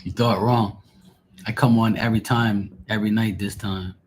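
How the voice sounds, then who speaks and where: Exasperated deep-voiced man rambling. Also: steady tone, normal speed, a little hiss or hum. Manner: rambling, exasperated, swears freely. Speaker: live tarot reader. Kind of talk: casual live-stream chat.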